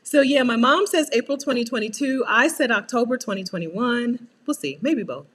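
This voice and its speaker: A woman with a somewhat bright voice speaks at a normal speed. She's a coach and channel host leading a casual livestream, chatting with viewers, answering comments, laughing often, playful, and prone to high-pitched exasperated asides.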